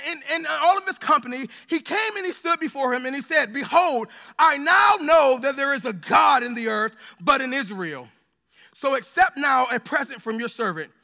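A man preaching a sermon, impassioned and rising to shouts, with joking asides to the congregation. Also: very high voice. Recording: long hall reverb.

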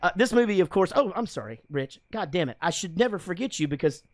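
A man's voice: high voice, expressive, quick pace, no room sound. A man hosting a podcast in casual, rambling chat, swearing often and laughing a lot. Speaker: podcast host. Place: studio room with guests.

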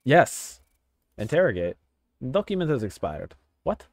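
A man giving excitable, chatty let's-play commentary while playing a video game, swearing casually. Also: mid-range voice, unhurried, no echo, studio quality. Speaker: gaming channel host.

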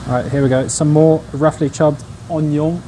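A man's voice: fairly high pitch, fairly even intonation, a little fast, background noise. A young man casually chatting to his viewers while he cooks on a livestream, in a laid-back, slangy way. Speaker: streamer. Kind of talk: casual cooking livestream chat.

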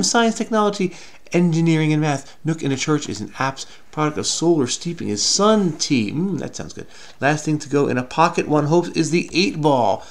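A man's voice: medium pitch, vocal fry, a bit bright. A middle-aged man casually thinking aloud while solving a crossword, hesitant and self-questioning, often trailing off with "I don't know.".

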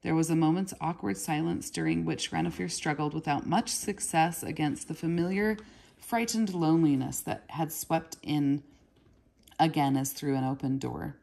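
A woman narrating a children's novel aloud in a steady, measured reading. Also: low-pitched, creaky. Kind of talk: read-aloud storybook narration.

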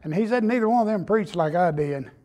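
A man preaches in a high, light voice, spinning homespun jokes and anecdotes into his sermon. His delivery is relaxed and folksy, with casual phrasing. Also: a little fast. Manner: folksy storytelling, Southern phrasing. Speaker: pastor. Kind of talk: sermon with humorous stories.

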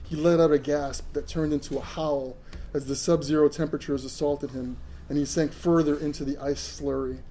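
A man's voice: a little high, dark tone, a little hiss or hum, poor audio. A man reading his own first-person science fiction story aloud, earnest, with occasional stumbles over words.

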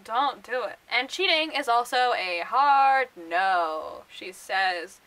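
A young woman rambling through casual book vlog commentary, full of fillers and quick laughs. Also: a little high, expressive, bright, forceful tone, rough recording. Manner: chatty and rambling, many fillers, laughs often. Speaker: book vlogger.

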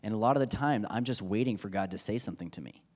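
Preaching in the sanctuary, the pastor in his thirties talks fast in a lowish, darkish voice. He keeps the sermon conversational and self-deprecating, acting out quotations humorously, while the church hall's long reverb trails behind.

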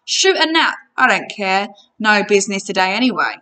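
A woman's voice: medium pitch, sing-song, normal speed, pushed and bright. A woman voicing a pushy, boastful male giant waterbed salesman in a storybook reading, with a wheedling sales patter.

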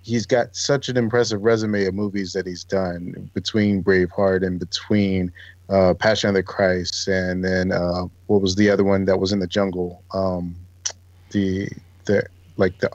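A man's voice: deep voice, level tone, moderate pace, a little mellow, no echo, highs cut off. A man co-hosting a film podcast, easygoing in casual chat and sometimes searching for words. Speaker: podcast co-host.

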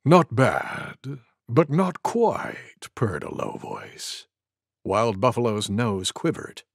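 A gentle male goose reads a storybook in a kids cartoon. His voice leaps all over the scale as he plays each animal, taking his time over every word. The sound is dry and close. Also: mid-range voice, slow, gravelly, husky, dry recording, full character voice. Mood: storytelling. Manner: lively, voices each animal with big sneezes.

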